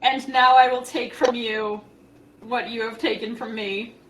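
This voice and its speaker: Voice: medium pitch, little pitch movement, measured pace, fairly bright tone, lightly acted, rough recording. Melodramatic ghostly dwarf with a put-on Irish lilt, voiced by a woman at a game table, faint noise behind. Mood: mournful, vengeful. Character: theatrical adventurer posing as a vengeful dead dwarf.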